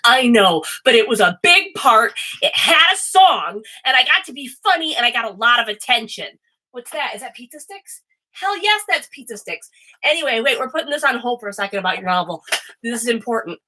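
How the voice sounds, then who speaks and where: A woman's voice: on the high side, big pitch swings, fairly quick, sharp tone, low-quality recording. A woman hosting a casual livestream and reading tarot, rambling and chatty and swearing freely. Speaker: host and tarot reader.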